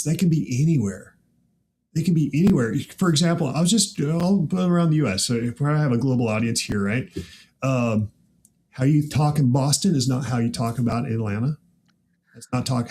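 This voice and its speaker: A man who grew up in the Midwest, hosting a casual chat with an animated, laughing manner and frequent rhetorical asides. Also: mid-range voice, moderate pace, slight background noise. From American Midwest. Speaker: podcast host.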